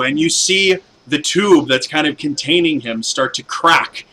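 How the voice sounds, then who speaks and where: A man's voice: fairly high pitch, lively intonation, unhurried, sharp tone, a little hiss or hum, poor audio. A man narrating as game master, rambling with many fillers and restarts as he describes the scene.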